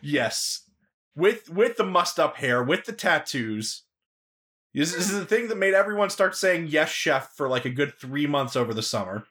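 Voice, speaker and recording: A man co-hosting a casual comedy podcast, animated and laughing often. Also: on the high side, moderate pace. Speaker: podcast co-host.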